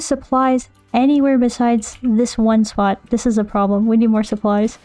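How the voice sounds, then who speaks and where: A woman streamer chatting casually while she plays a game, rambling, thinking out loud and answering her chat. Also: on the high side, level tone, normal speed, hardly any pauses, no echo.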